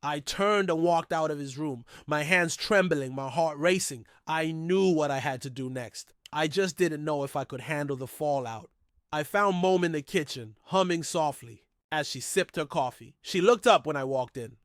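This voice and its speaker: A man's voice: fairly high pitch, moderate pace, fairly bright tone, dry recording, clean studio sound. Man narrating a dramatic first-person story. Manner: dramatic, emotional.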